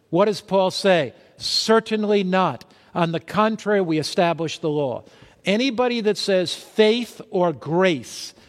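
A man with a high voice preaches an emphatic sermon, posing questions to his listeners and then answering them himself. A long reverb tail follows his words.

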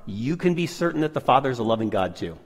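A man co-presenting a Bible lesson, affirming his partner and reading scripture deliberately. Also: mid-range voice, sing-song, long reverb tail. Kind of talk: sermon-style Bible study.

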